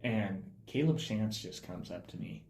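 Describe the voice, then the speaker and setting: A young man, a film student, telling production stories in a casual podcast chat, animated and growing loud when excited. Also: on the low side, unhurried, a little hiss or hum. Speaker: film student director, guest. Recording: roomy echo.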